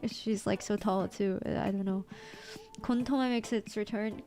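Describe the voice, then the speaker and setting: A woman with an American accent chatting casually on a livestream, excitable and playful, breaking into squeaky outbursts as she reads chat aloud. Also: measured pace, soft background music. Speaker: VTuber streamer.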